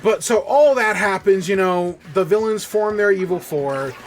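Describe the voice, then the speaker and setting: Male podcast host, higher-pitched, enthusiastic rambling recap style, casual swearing, faint background music. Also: normal speed. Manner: excited, rambling, swears freely.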